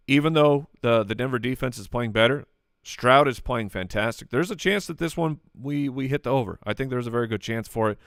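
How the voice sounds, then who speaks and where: Casting: man, podcast host, smooth clear voice, dry close mic, quick joking delivery. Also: medium pitch, a bit bright, no room sound. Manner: rapid-fire, joking, lots of restarts and fillers. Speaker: podcast host answering listener questions. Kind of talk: live podcast chat.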